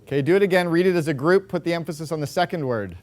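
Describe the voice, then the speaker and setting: A man's voice: fairly high pitch, animated, racing. Punchy, direct man giving a talk. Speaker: speaker addressing an audience. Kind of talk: motivational business talk. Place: room with a live audience.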